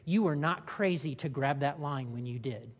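A woman's voice: low voice, moderate pace. Woman pastor, conversational sermon, rhetorical questions, long hall reverb. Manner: conversational preaching with rhetorical questions and acted-out voices.

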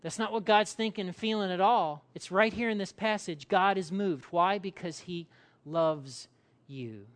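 A male pastor delivering a sermon in an animated way, acting out quotes and quizzing his congregation. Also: high voice, unhurried.

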